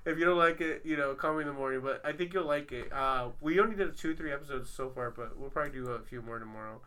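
A man's voice: mid-range voice, fast talker, fairly bright tone. A man hosting a podcast, telling a long rambling story in casual chat with lots of fillers. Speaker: podcast host.

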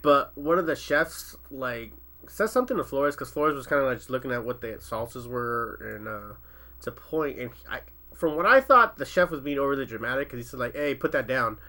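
A man's voice: medium pitch, lively intonation, a little fast, pushed and bright. A young man telling a bar story in casual chat, laughing often, swearing freely and acting out what people said. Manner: laughing, profane storyteller who acts out quotes.

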